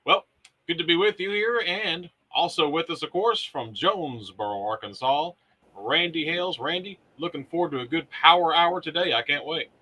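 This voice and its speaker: Bright-voiced upbeat male host. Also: a little high, moderate pace, husky, rough recording. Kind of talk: scripted recap narration and casual chat.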